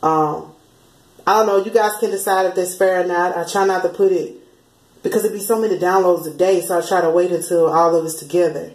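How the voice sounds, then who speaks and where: Chatty and quick to laugh, this woman passes along spiritual channeled messages in a casual way, often breaking into quoted voices and bits of song. Her lowish voice is steady and a little mellow, her pace fairly quick, and the low-quality recording carries room echo.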